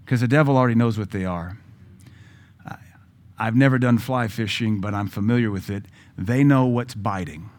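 A man's voice: medium pitch, darkish tone. A man with a Southern US accent, a pastor preaching a sermon in a conversational style with joking asides.

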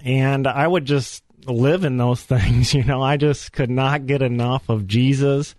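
A man's voice: mid-range voice, steady tone, a little slow, a little mellow, no room sound. Earnest man telling his faith story. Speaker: guest. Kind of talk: personal faith testimony. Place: radio studio.

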